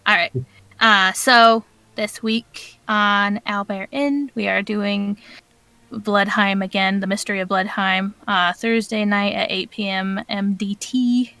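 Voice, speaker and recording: A woman's voice: medium pitch, steady tone, takes it slowly, sharp tone, smooth, dry recording. A woman in a tabletop game group, chatting in a breezy, offhand way. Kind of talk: casual chat.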